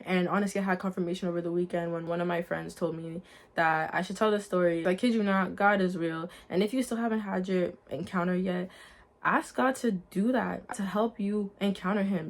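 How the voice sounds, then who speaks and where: A young woman, voice a bit low and pace a little fast, speaks directly to her audience about her personal faith. She tells it casually and earnestly with lively energy, calling her viewers "guys."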